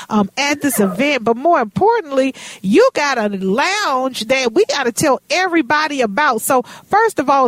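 A woman's voice: high voice, no echo. A woman hosting a radio talk show, chatty and personal, calling her guest honey and baby. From Minnesota. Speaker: radio host.

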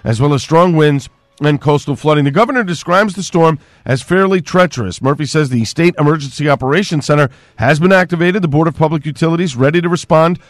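Steady male radio newscaster. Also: on the high side, quick pace, no room sound, clean studio sound. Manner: steady, clipped news delivery. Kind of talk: radio news reading.

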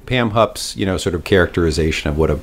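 Man, extremely deep voice, podcast co-host, casual discussion, thoughtful, repeats words. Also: quick pace, slight background noise. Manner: thoughtful, hesitant, repeats words while thinking.

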